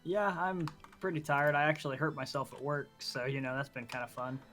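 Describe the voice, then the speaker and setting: A young man co-hosting a gaming podcast, trading deadpan jokes in casual chat. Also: fairly high pitch, fairly quick, faint music behind. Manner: joking, deadpan banter. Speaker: podcast co-host.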